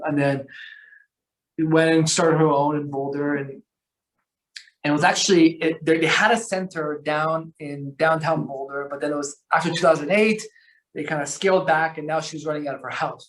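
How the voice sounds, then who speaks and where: Male podcast guest, rambling storyteller, slangy, slightly high voice. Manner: rambling, animated, lots of fillers and restarts; slangy, calls the host bro. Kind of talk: casual storytelling conversation.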